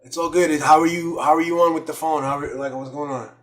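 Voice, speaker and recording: A man's voice: fairly high pitch, fairly even intonation, quick pace. A man hosting a casual conversation, easygoing and laughing along with his guest. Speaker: podcast host. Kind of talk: casual chat.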